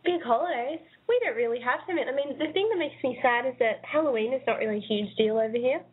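A woman's voice: high-pitched, quick pace. An Australian woman chatting casually as an interview guest, laughing often. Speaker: guest musician. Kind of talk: casual interview over a call. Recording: phone-line quality.

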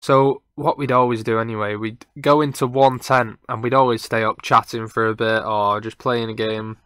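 A young man tells a story in a chatty, meandering way, stopping to correct his own details. His voice is bright and crisp, and the sound is dry and close. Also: mid-range voice, fairly even intonation, moderate pace, no room sound. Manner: rambling, self-correcting, chatty. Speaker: podcast host. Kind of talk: casual storytelling.

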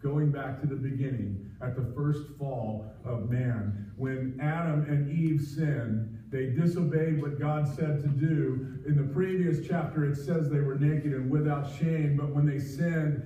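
A man's voice: fairly high pitch, unhurried, few pauses, dark tone, slight background noise. A man preaching a sermon as pastor, earnest and pleading, with frequent restarts. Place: church sanctuary. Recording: distant, echoey, muffled livestream audio.

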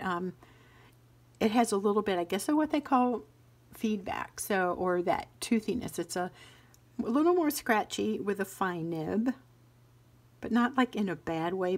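A woman reviewing notebooks and fountain pens in a chatty, musing way, often trailing off into soft whispers. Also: mid-range voice. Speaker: stationery vlogger. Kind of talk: casual show-and-tell review.

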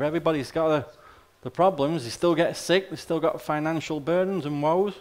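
A man preaching a sermon in a casual, direct way, firing off rhetorical questions and dry asides. His voice sits a little higher than most men's. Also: fairly even intonation, a little fast. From Australia. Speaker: pastor.

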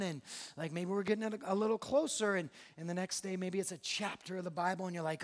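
High-voiced young pastor, joking and conversational. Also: male voice, steady tone, a little fast. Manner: conversational, joking, acts out little dialogues. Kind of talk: sermon.

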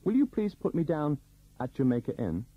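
A man's voice: on the high side, big pitch swings, moderate pace, breathy edge, narrow, tinny audio, pitched above the performer's own voice. A man voicing an earnest, persistent young woman traveller in an audiobook reading.

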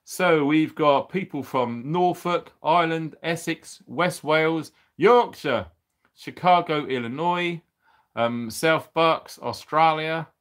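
A man's voice: on the high side, slow pace, fairly bright tone. A middle-aged man from the UK hosting a casual livestream, upbeat and chatty, laughing often as he reads out viewers' names and where they are from. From United Kingdom. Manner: laughs often, exclaims blimey and bonkers. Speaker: livestream host.

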